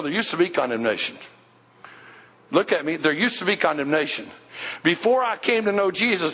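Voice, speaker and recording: Male pastor, emphatic sermon delivery, high voice, muffled church-hall sound. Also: a bit bright. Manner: emphatic preaching, repeats phrases, asks congregation to respond. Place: church sanctuary. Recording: dull sound with long hall reverb.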